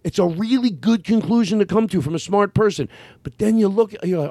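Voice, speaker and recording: A man's voice: high voice, very animated, fast talker, warm tone, dry recording. A man with a Philadelphia accent, hosting a casual chat, talking in a rambling, self-correcting way and swearing freely. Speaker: podcast host.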